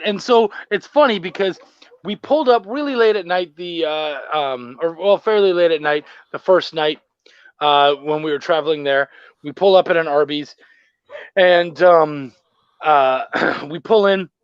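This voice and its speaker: Loud, gregarious high-voiced man. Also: measured pace, smooth, no room sound, muffled recording. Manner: loud, gregarious, profane, animated storyteller. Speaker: podcast host. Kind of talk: casual chat, storytelling.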